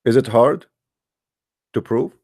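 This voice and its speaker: A religious debate speaker delivers a polemical online talk, emphatic and packed with rhetorical questions, addressing his listeners directly as "guys." His medium-pitched voice is creaky, husky, and darkish, and he takes it slowly, using non-native grammar and restarting often.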